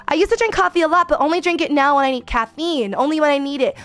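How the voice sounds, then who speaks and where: A woman's voice: high voice, fast talker, a bit bright, faint music behind. A woman streaming a casual chat, rambling with many fillers and reading viewer messages aloud.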